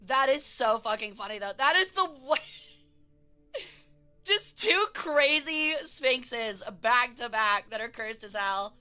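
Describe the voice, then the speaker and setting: A young woman streamer chatting casually, swearing, laughing and breaking into loud silly voices. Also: on the high side, expressive, takes it slowly, faint music behind.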